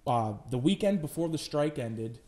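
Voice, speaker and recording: A man's voice: fairly high pitch, normal speed. Young guy guest on a podcast, chatty, lots of "like" and cussing, telling film school stories. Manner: animated storytelling with lots of filler and swearing. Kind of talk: casual chat.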